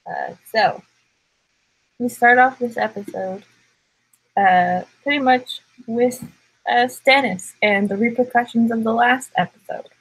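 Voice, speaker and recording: A woman co-hosting a casual discussion, recapping in a relaxed way. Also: fairly high pitch, unhurried, slightly rough, poor audio. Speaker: co-host.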